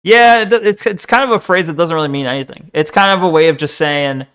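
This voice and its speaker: Ranting young man streamer, higher voice. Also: a little fast, hardly any pauses, a bit bright, clean tone. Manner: exasperated, profane ranting. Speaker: streamer reacting to a video. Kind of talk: casual live-stream reaction.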